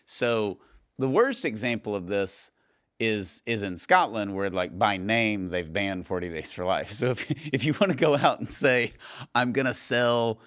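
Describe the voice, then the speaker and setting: A man hosting a podcast, telling stories in a casual, animated way and laughing often. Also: lowish voice, measured pace, clear, resonant tone. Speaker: podcast host. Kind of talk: casual conversation.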